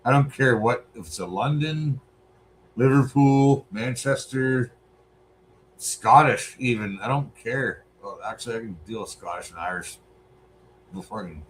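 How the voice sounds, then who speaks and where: A man's voice: medium pitch, unhurried, slight background noise, low-quality recording. A Canadian man in his forties, a streamer giving blunt, profane, rambling commentary on a debate. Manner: blunt, swearing, rambling asides.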